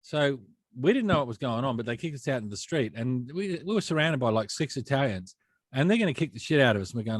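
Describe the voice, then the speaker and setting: A man's voice: medium pitch, quick pace, dry recording. Australian man telling rambling pub stories. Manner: rambling, animated anecdotes with Aussie slang. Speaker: podcast co-host. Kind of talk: casual chat, storytelling.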